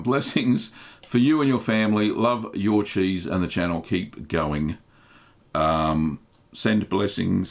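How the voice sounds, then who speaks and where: An Australian man hosting a live stream, reading viewer chat aloud and answering questions in a relaxed, chatty way with many ums. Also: fairly low pitch, vocal fry. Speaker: host.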